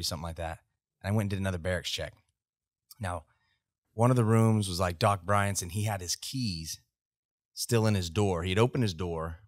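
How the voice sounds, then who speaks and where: A man's voice: low-pitched, dry recording, clean studio sound. A man in his thirties with an American accent, a veteran guest telling profane army stories in casual podcast talk. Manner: profane, animated anecdote telling. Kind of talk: casual storytelling. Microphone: podcast studio mic.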